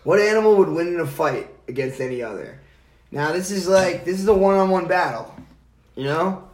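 Brash young guy, a bit high-voiced, loose podcast banter in an echoey room. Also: animated, moderate pace. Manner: brash, swears freely, laughs. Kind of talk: casual chat.

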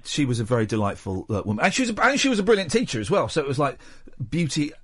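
A man's voice: medium pitch, very animated, very fast, breathy edge. A man hosting a late-night radio chat show, chatty and jokey. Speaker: radio host.

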